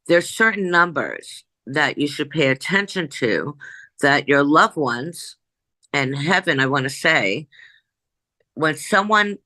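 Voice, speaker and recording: A woman, a psychic medium, telling a story in an interview in an animated way, jumping back and forth and acting out what people said. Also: sits low, dry recording, poor audio. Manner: animated, jumps back and forth, acts out quoted dialogue.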